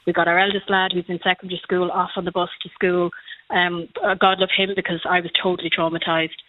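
A woman's voice: on the low side, level tone, fast, no echo. A woman in her thirties with an Irish accent, calling a radio show and telling a personal story in a chatty way. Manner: chatty storytelling, acts out quotes. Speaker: caller. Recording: tinny phone line.

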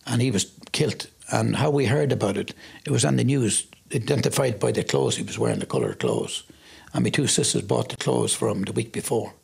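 A man's voice: medium pitch, sing-song, a little fast, vocal fry, breathy edge. An Irish man telling his life story in an interview, plain-spoken and rambling, often repeating himself. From Ireland.

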